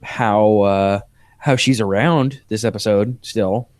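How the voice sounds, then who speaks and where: A man's voice: lowish voice, slow pace, a little mellow, no echo, studio quality. A man co-hosting a podcast, chatting casually about TV episodes and earnestly explaining plot details. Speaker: podcast co-host. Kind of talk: casual TV recap chat.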